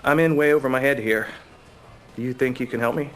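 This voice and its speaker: An actor playing a hapless, self-deprecating store clerk who talks in a mild, hesitant way. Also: male voice, mid-range voice, brisk, a little hiss or hum, natural voice. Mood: glum. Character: shy, hapless young male store clerk. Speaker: client. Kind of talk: sitcom acting.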